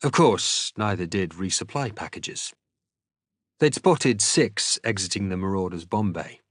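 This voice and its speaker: Low-voiced man narrating a novel dramatically. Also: lively intonation, unhurried, dry recording, studio quality. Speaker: streamer reading aloud. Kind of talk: audiobook-style novel reading.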